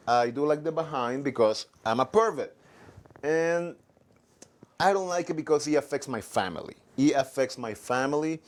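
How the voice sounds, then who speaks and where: A man talking about his life as a comedian, then doing a stand-up set, with frequent restarts and fillers. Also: on the high side. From Latino background. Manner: halting, many restarts and fillers. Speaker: comedian guest. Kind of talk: casual chat and stand-up set.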